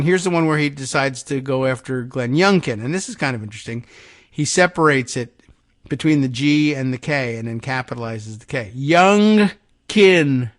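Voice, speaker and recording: A man's voice: mid-range voice, fairly bright tone, no echo, studio quality. A man hosting a political talk show, giving loose, sarcastic commentary with mocking asides. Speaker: political podcast host. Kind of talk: talk-radio style news commentary.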